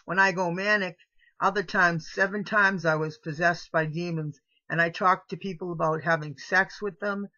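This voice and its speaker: A woman's voice: on the low side, fairly even intonation, normal speed, bright, forceful tone. Rambling middle-aged woman, dull lo-fi audio. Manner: rambling, meandering, with trailing restarts. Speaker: vlogger. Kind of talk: confessional monologue to camera. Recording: dull lo-fi home video audio.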